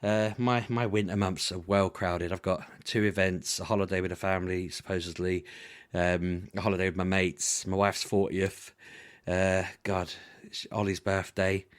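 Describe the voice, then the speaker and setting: Man, 30s, low-pitched podcast co-host, rambling anecdotal chatter. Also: flat delivery, clear, resonant tone. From United Kingdom. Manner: rambling storyteller, quick laughs. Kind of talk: casual chat.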